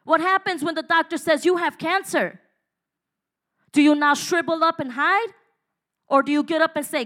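A woman's voice: high-pitched, unhurried, a bit bright. A woman preaching a sermon in an emphatic, exhorting way, with laughs and asides to the congregation.

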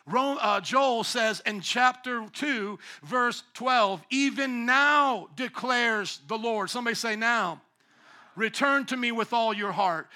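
A man pastor preaching a sermon, breaking into sudden loud emphatic bursts. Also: high voice.

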